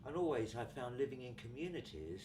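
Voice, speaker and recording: An older man from England, a guest on an interview podcast, reflectively telling the story of his life in an unhurried way. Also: medium pitch, very animated. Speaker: guest, community founder. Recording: distant mic with noticeable background noise.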